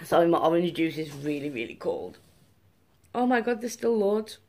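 A woman's voice: fairly low pitch, moderate pace, noisy background. A young woman, unboxing gifts and gushing to her viewers in a casual vlog. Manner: gushing, excitable, talks to viewers. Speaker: vlogger.

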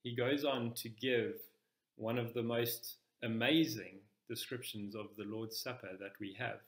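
A man preaching a sermon in church, explaining scripture in a measured, step-by-step teaching manner. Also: mid-range voice, steady tone, roomy sound.

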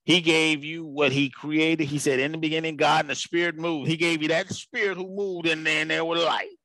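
Male preacher, slightly high, bright voice, casual emphatic sermon delivery. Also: fairly even intonation, moderate pace, no echo. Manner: colloquial, emphatic, repeating phrases. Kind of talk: informal sermon broadcast.

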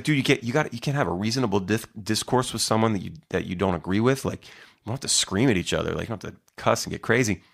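A man's voice: fairly low pitch, vocal fry, a bit bright. A middle-aged man hosting his own podcast, talking casually, rambling and profane, with lots of fillers and restarts. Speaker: musician podcast host. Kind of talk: casual solo podcast monologue.

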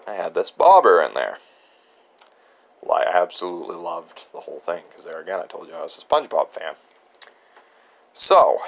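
Gravelly low-voiced young man touring his workshop. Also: a bit bright. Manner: rambling storyteller with frequent chuckles. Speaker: channel host. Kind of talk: casual workshop tour narration. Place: home workshop.

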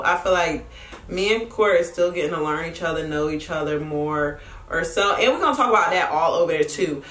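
A young woman vlogger chats casually and frankly while getting ready, swearing a lot and using plenty of fillers. Her voice is lowish with a fairly bright tone, recorded far from the mic in an echoey room.

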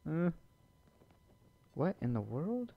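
A man's voice: a little high, sing-song, slow pace, gravelly, very noisy. A man giving nervous let's-play commentary to his viewers while he plays a horror maze game, joking about being scared. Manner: jumpy, talks to viewers, nervous jokes. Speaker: gamer playing a horror maze. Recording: dull lo-fi mic.

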